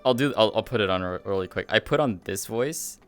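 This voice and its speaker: A man's voice: on the low side, fairly quick, fairly bright tone, faint music behind. A male streamer chatting casually about a role-play game, rambling and swearing as he retells scenes. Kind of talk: casual chat.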